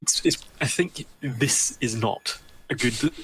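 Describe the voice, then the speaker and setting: A man's voice: medium pitch, takes it slowly, a bit bright, husky, no room sound, rough recording. A man playing a tabletop game, hesitant and full of fillers. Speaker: player. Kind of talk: casual tabletop game chat.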